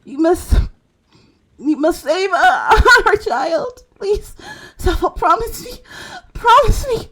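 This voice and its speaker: A woman's voice: a little high, moderate pace, darkish tone, pitched above the performer's own voice. A woman whispering as a dying noblewoman pleading. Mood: desperate pleading. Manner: breathy whispered pleading, breaking into sobs. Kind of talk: whispered role-play.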